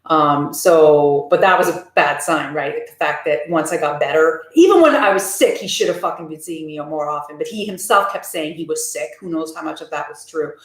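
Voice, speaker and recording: A woman's voice: sits low, moderate pace, hardly any pauses. A woman live streaming casually, talking candidly and answering viewer comments from a room at home. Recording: roomy echo.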